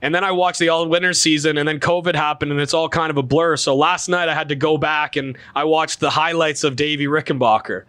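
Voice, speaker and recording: Bright, dry-voiced halting host. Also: male voice, fairly high pitch, fairly even intonation, no echo. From Canada. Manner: halting, many fillers and restarts, laughs easily. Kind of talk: casual interview chat.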